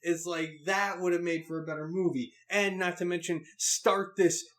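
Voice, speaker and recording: A man's voice: sits high, steady tone, normal speed, a bit bright. A man co-hosting a casual movie review podcast, speaking hesitantly with many ums and uhs. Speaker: podcast co-host.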